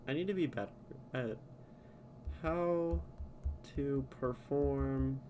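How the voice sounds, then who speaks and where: A man's voice: medium pitch, slow pace, dark tone, slight background noise. A man streaming live who reads a poem aloud and then chats casually with viewers, laughing often.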